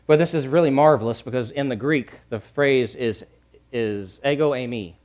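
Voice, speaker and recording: A middle-aged male pastor preaching a sermon, repeating key phrases and swinging from hushed to loud. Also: mid-range voice, moderate pace.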